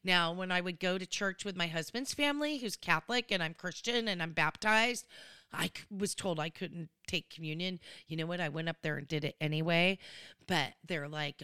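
A woman's voice: fairly low pitch, normal speed, pushed and bright, clean tone, no echo, clean studio sound. Chatty, opinionated woman recapping TV. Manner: chatty, opinionated, acts out quotes in voices. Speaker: reality TV recap commentator. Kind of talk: casual recap commentary.

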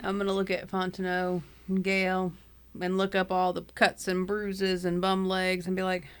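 A woman's voice: fairly low pitch, monotone, clear, resonant tone. Casual, joking woman player. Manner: quick-witted, casual, lots of "like". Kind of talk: tabletop game role-play.

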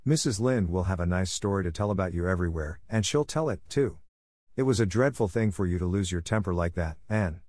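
Storybook guardian, middle-aged woman, severe and dry, read by a man in a low voice. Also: expressive, a little fast, darkish tone, no room sound. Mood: stern.

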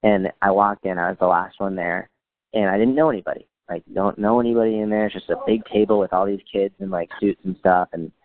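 Male guest, dry wit, lively storyteller; close dead room, thin lo-fi audio. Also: deep voice, brisk, dry recording. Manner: dry humor, quotes people in lively voices. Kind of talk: casual storytelling chat.

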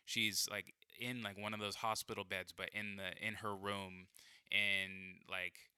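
A man's voice: lowish voice, level tone, a little slow, bright, forceful tone, clear, resonant tone, no room sound, studio quality. Rambling, foul-mouthed young man telling a story. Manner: rambling, heavy swearing, constant fillers. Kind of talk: casual storytelling.

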